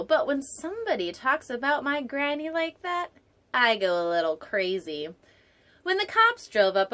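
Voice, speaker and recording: Reading a picture book on her storytime show, a woman with a high-pitched, fairly bright voice breaks away now and then for digressive, playful jokes and the occasional whispered aside.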